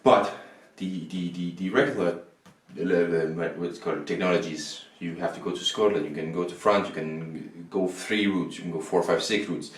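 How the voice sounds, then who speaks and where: Deep and steady, this Danish man talks at normal speed in a roomy-sounding space. His board game review is casual and rambling, with a rules walkthrough full of repetitions and self-corrections.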